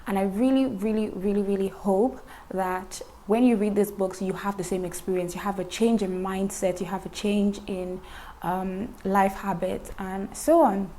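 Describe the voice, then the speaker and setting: Brief: young woman vlogger, chatty and emphatic, mid-pitched voice, faint hiss behind. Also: fairly even intonation, moderate pace, warm tone. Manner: chatty, repeats words for emphasis, laughs at own jokes. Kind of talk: casual chat to camera.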